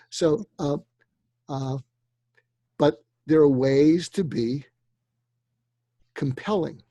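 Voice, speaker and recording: An older man giving persuasion advice in a relaxed interview, acting out the lines he suggests people say in a calm, coaching way. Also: a little high, drawn-out words, pauses often, no echo. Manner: acts out quoted dialogue in a calm coaching tone. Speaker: guest expert on persuasion.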